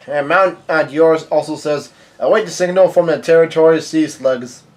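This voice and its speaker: A man with a slightly high voice reads comic panels aloud in an offhand way. He quotes characters flatly, trips over words and corrects himself. Now and then he breaks off to react in surprise. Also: unhurried. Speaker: manga reaction reader. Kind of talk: casual reading and reacting.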